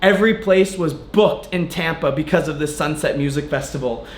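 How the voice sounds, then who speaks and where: A young man, a fitness vlogger, casually telling a story, animated and swearing freely as he retells conversations. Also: on the high side, moderate pace. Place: hotel room, then gym. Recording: echoey room sound.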